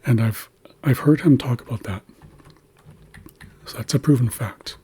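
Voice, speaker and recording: A man patiently teaching how to pronounce words in an Indigenous language, slowly sounding out each syllable. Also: medium pitch, dark tone, slightly rough. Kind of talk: explaining pronunciation of an Indigenous language.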